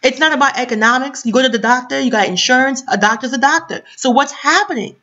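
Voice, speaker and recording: An impassioned woman vlogger from New York City reads a news piece aloud and keeps breaking off to argue with it, firing rhetorical questions. Her voice sits a little high. The sound is dull and lo-fi, like a cheap webcam mic. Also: fast talker, bright, forceful tone. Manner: impassioned, emphatic, repeats rhetorical questions, swings between reading and outburst. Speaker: commentary vlogger. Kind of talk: reading an article aloud and ranting about it.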